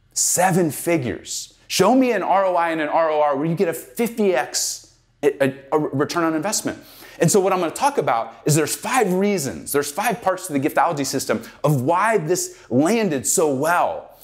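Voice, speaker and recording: A middle-aged man giving a keynote talk, telling a story in an animated, conversational way with lots of "like". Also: a little high. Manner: animated, conversational, heavy use of "like". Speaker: keynote speaker.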